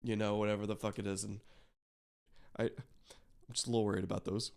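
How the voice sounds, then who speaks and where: A man's voice: fairly low pitch, level tone, fairly quick, creaky. A man reacting to a video, chatting casually with lots of fillers, swearing and restarts. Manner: rambling, swears often, frequent fillers.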